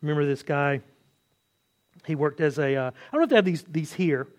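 High-voiced man preaching conversationally. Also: expressive, a little fast. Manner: conversational, rhetorical questions, frequent restarts. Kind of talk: expository sermon.

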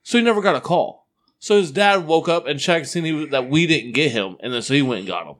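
Man, casual storyteller, profane and laughing, lively pitch, slightly high. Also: quick pace. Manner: swearing, laughing through stories.

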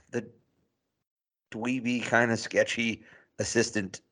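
A man chatting casually as a podcast co-host, halting and restarting his phrases with frequent chuckles. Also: mid-range voice, level tone, fairly bright tone. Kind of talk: casual chat.

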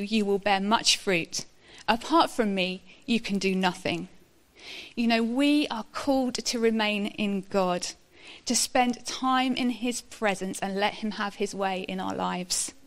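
Earnest woman preaching, higher voice. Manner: earnest, measured. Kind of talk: sermon.

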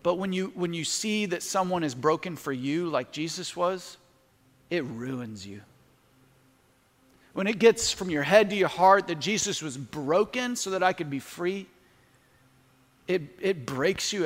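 A middle-aged pastor with a notably high voice delivers an earnest sermon, rising to emphatic peaks and slipping into spoken prayer. His words ring out with a long hall reverb in a large church. The delivery stays intent and heartfelt throughout. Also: fairly bright tone. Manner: earnest, building to emphatic peaks, prays aloud mid-talk.

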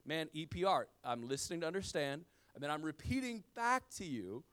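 Lively, smooth-voiced man preaching. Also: a little fast. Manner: animated preaching, swinging from loud emphasis to hushed low lines; casual slang, says "yo". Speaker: pastor. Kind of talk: sermon.

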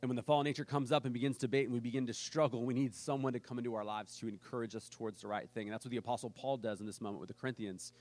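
A man's voice: medium pitch, fairly even intonation, rapid-fire, hardly any pauses, darkish tone. A man preaching a sermon as pastor, telling a story in a casual way and acting out the people he quotes.

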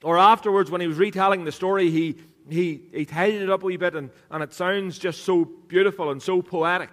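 Guy preaching into a mic, a bit high voice, chatty and jokey, big echoey hall. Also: steady tone, fairly quick. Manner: conversational and joking, with a teasing aside to the congregation. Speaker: pastor. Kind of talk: sermon. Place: church hall. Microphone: microphone. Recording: reverberant hall sound.

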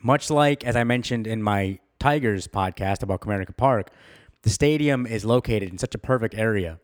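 Man, podcast host, fairly low voice, excitable, laughs at himself. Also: normal speed. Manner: enthusiastic, self-deprecating, laughs often. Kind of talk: solo podcast monologue.

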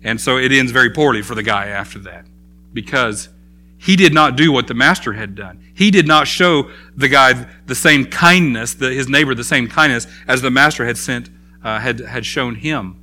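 A man preaching a sermon, retelling a parable in an animated storytelling manner with acted-out dialogue. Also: medium pitch, normal speed, a little hiss or hum. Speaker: pastor.

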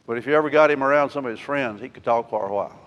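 A man preaching a sermon as pastor, acting out scripture with lively emotion and addressing the congregation. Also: medium pitch, racing, highs cut off. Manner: animated, acts out scripture with rising emotion. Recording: long church reverb.

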